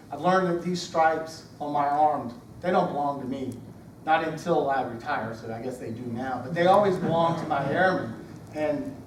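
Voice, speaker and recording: Southern man giving a halting retirement speech. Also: a little high, slight background noise. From Georgia, US. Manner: halting, heartfelt, many fillers and restarts. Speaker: retiring Air Force senior master sergeant. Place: ceremony room. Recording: echoey room, speaker far from mic.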